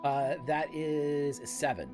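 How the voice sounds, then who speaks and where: A man's voice: a little high, slow pace, music in the background. Casual man at a game table. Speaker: player.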